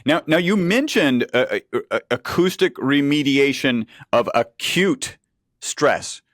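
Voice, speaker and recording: A male podcast host asking questions in a joking, conversational way, with halting restarts. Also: mid-range voice, expressive, no echo, clean studio sound. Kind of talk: interview questions.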